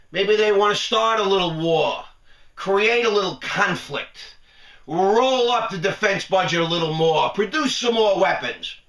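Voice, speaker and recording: A man's voice: sits high, pushed and bright, echoey room, recorded from a distance. A man giving a sarcastic, rambling talking-head rant, laughing often between points. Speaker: vlogger.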